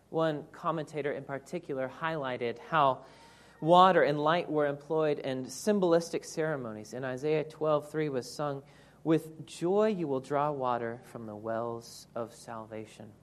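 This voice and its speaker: A woman preacher giving an earnest, reflective sermon that explains scripture verse by verse. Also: low voice.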